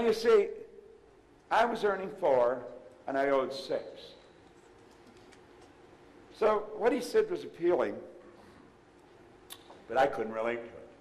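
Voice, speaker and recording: Emphatic older man speaking in a hall. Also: fairly high pitch. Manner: emphatic, swings from loud to hushed. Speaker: motivational speaker. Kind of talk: live seminar talk. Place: seminar room before an audience.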